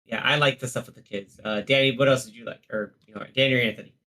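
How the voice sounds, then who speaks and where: A man's voice: medium pitch, steady tone, fast talker, pushed and bright. A man hosting a casual movie podcast, rambling with lots of fillers. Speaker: podcast host.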